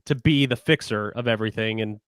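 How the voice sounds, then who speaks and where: A man co-hosting a relationship podcast, speaking quickly in a mid-range voice. He is blunt and jokey, with emphatic asides. The sound is close and dry. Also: lowish voice, clear, resonant tone, no room sound. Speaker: podcast co-host. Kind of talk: casual relationship advice chat.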